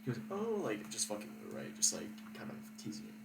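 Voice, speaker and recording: A man's voice: lowish voice, animated, quick pace. A young man telling a story casually, rambling and profane with lots of filler words. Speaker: vlogger. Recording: echoey room with background noise.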